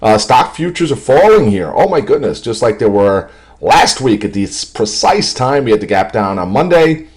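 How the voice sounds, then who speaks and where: A man giving a casual, jokey stock market commentary over charts, self-amused and animated. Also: medium pitch, normal speed.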